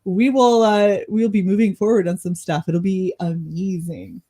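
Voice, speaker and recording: A woman's voice: medium pitch, moderate pace, warm tone. A young adult woman hosting a casual livestream, reading chat comments aloud and laughing often. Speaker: host.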